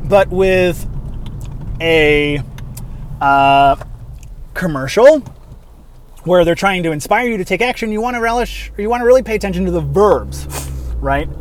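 A man's voice: high voice, a little slow, long pauses, slight background noise. A man in his thirties, an acting teacher, talking casually and rambling on a solo podcast, tired and yawning. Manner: rambling, self-deprecating, demonstrates ad reads.

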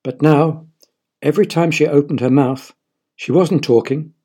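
Husky man reading a children's story. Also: fairly high pitch, moderate pace, warm tone. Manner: playful, asks listeners questions.

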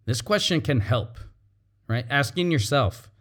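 A man's voice: a little high, expressive, slow pace, a bit bright. A man, a teacher and parent, giving a reflective talk, explaining patiently and repeating his key points.

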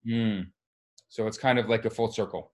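A man's voice: on the low side, fairly even intonation, moderate pace. A man chatting casually as co-host, chiming in with short questions and jokes. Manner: brief interjections and questions, joking. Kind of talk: casual chat.

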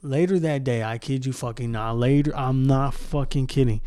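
A man's voice: mid-range voice, normal speed, mellow, smooth, no echo, clean studio sound. A young man hosting a solo podcast, talking casually in a heated, profane, rambling way with many restarts. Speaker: podcast host.

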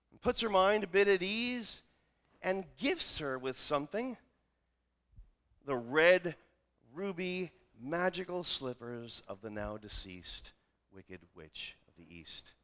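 A man's voice: high voice, fairly bright tone. A male pastor preaching a sermon, retelling a familiar film story with wry humorous asides.

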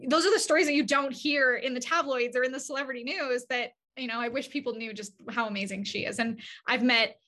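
A woman guest in an interview, telling stories with a bright, forceful edge to her voice. Her pitch sits a little high. She talks casually and chattily, with lots of fillers and restarts, and acts out the voices in her anecdotes. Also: fairly quick, hardly any pauses. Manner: animated, acts out quoted dialogue. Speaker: agency CEO, interview guest. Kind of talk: casual conversational storytelling.

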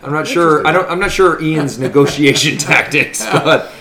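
A man co-hosting a casual chat, teasing the others with quick wisecracks. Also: fairly high pitch, a crowd in the background. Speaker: podcast co-host.

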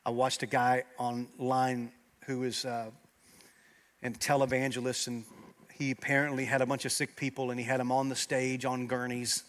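A man preaching a sermon as pastor, swinging from loud emphatic peaks to quiet, earnest low passages. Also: flat delivery, moderate pace. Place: church sanctuary.

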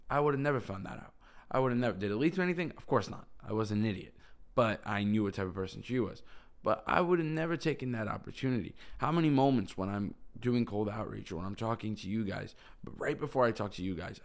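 Gravelly young man rambling to camera. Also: fairly low pitch, lively intonation, fairly quick. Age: young adult. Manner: rambling, heavy use of "like". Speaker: vlogger. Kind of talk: casual storytelling to camera.

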